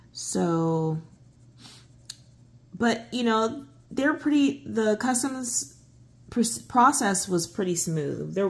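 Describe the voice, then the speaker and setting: A middle-aged woman telling a travel story while she colors, rambling with lots of fillers and restarts, and getting excitable. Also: creaky. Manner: excitable, voice jumps high when giddy. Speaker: coloring channel host. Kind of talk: casual chat while coloring.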